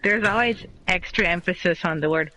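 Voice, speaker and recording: A woman's voice: on the low side, a little fast, a crowd in the background. A woman and mother with a Boston accent, chatting casually, blunt and full of swearing. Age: adult, mother of children. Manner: blunt, swears often, rambling. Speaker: chat participant. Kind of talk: casual chat. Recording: noisy home mic with clicks.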